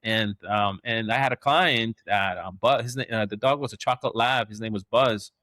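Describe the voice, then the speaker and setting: A man, a dog trainer, telling stories in a rambling, animated way with many restarts and acted-out quotes. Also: lowish voice, normal speed, no room sound, studio quality. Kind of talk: casual storytelling.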